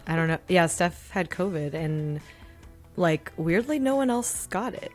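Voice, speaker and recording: A woman's voice: lowish voice, expressive, measured pace, faint music behind. A woman co-hosting a podcast, talking casually with an upbeat, rambling manner. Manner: upbeat, rambling, many fillers and restarts. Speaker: podcast co-host. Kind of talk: casual chat.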